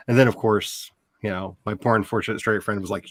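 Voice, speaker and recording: A man in his forties hosting a casual chat, telling animated stories, laughing often and acting out quotes. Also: on the low side, a little fast, slightly rough, dry recording. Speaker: host.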